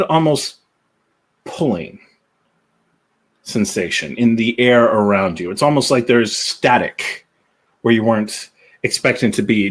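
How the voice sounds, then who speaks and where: A man running a tabletop role-playing game, narrating scenes slowly and deliberately. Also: mid-range voice. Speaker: game master.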